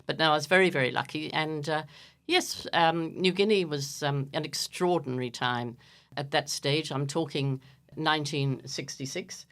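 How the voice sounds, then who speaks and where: A woman's voice: low voice, moderate pace, a bit bright. Chatty Irish-born woman in her seventies. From Ireland. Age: 70s. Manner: chatty, self-deprecating, many fillers. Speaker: radio show host, interviewed here. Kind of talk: casual radio chat. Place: radio studio.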